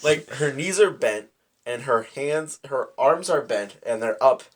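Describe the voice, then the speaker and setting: A young man co-hosting a podcast in casual chat, telling stories haltingly and swearing a lot. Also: mid-range voice, animated. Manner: profane, halting, drawn-out storytelling. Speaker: podcast co-host.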